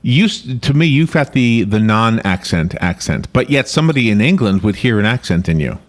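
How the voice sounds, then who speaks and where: Lowish man with a mild New York accent. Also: very animated, fairly quick. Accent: watered-down New York. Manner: casual, laughing, rambling. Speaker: radio host. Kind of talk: radio interview.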